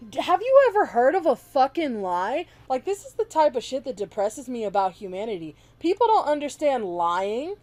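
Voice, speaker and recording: A woman with a slightly high yet dark, mellow voice, speaking in a blunt, heated opinion vlog. She swears freely and mocks the people she argues against. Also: sing-song, normal speed, few pauses. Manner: blunt, heated and profane, with sarcastic mimicking of others. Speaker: vlogger.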